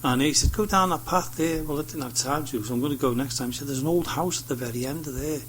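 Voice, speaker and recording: A man with a fairly high, somewhat bright voice talks quickly as a studio guest in casual radio chat. He tells meandering stories, imitating the voices of people he ran into. A little background noise can be heard.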